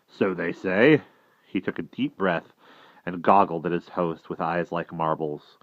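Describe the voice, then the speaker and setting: A man narrating a classic novel in an expressive storytelling manner. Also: deep voice, normal speed, no room sound, lo-fi sound. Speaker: reader. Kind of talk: audiobook narration.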